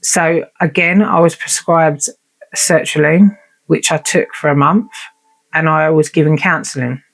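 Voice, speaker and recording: A woman's voice: low-pitched, steady tone, measured pace, creaky. A woman telling a personal story in a vlog, candid and unfiltered, swearing and acting out remembered conversations. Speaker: vlogger.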